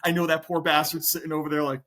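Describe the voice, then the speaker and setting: Middle-aged male cop guest, slightly high voice, profane and animated storyteller. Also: fast talker. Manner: profane, animated, acts out his own past thoughts. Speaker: guest, police officer. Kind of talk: casual storytelling interview.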